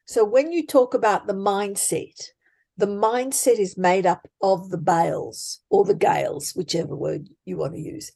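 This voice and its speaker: A woman life coach, speaking emphatically and deliberately as a podcast guest. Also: mid-range voice, creaky, dark tone. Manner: emphatic, deliberate, acts out example thoughts. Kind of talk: conversational coaching talk.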